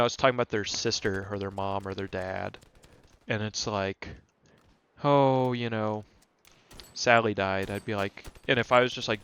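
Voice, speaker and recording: A man's voice: on the low side, a bit bright, smooth. A young man hosting a casual monologue podcast, ranting in an exasperated, rambling way with many fillers and restarts. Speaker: podcast host.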